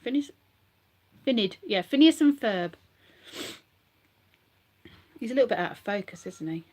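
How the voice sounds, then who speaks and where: A woman's voice: medium pitch, lively intonation, fast talker, a little hiss or hum. A woman vlogging casually from bed at home, giggly and rambling as she chats to her viewers. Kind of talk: casual live chat to viewers.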